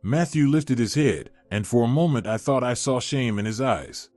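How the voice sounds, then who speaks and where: A man narrating a scripted first-person story in an expressive, dramatic way. His pitch moves in a lively, animated arc. The sound is dry and close, with faint music underneath. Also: normal speed, dry recording.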